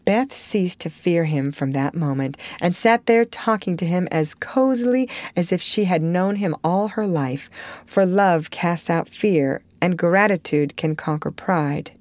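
A woman reading a classic novel aloud as an audiobook narrator, in measured storytelling. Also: fairly low pitch, darkish tone, no echo. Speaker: audiobook reader. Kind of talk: scripted narration.

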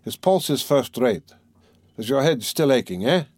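A man's voice: mid-range voice, expressive, a little mellow, dry recording, lightly acted. A man doing a lazy, self-important young doctor. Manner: slow, offhand, hesitant with fillers.

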